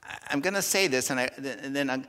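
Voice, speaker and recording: A man preaching a Communion Sunday sermon in earnest, rising loud for emphasis and dropping soft in a church. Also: medium pitch, fairly quick, smooth. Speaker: pastor. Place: church sanctuary. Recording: long reverb of a church sanctuary.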